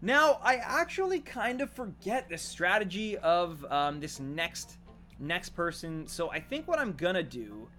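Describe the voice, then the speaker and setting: A man streaming a video game live, commenting excitedly on his moves and chatting with viewers. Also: high voice, unhurried, faint music behind.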